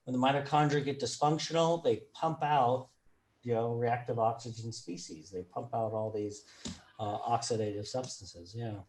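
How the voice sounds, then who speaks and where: Relaxed man telling stories. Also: mid-range voice, normal speed. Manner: relaxed, storytelling, laughs often. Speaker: podcast host. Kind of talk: casual interview chat.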